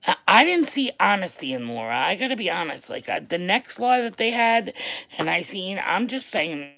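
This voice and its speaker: A woman with a New York accent ranting on a livestream to her viewers, loud and blunt, repeating herself for emphasis and swearing. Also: mid-range voice, very animated, moderate pace, vocal fry, rough recording. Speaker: online creator.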